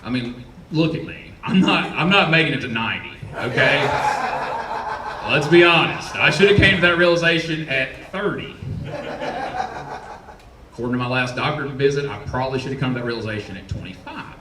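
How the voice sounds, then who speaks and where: A man's voice: medium pitch, animated, normal speed, recorded from a distance, background noise. A man in his forties with a Southern US accent doing a profane, rambling, self-mocking stand-up set on a comedy club stage. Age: 40s. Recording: roomy club sound from off-mic.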